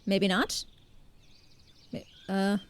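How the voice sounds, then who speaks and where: A young woman chatting casually while streaming a game, talking to her viewers in an animated, chatty way. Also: mid-range voice, extremely slow, a little hiss or hum. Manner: chatty and animated, talks to chat. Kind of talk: casual gameplay commentary.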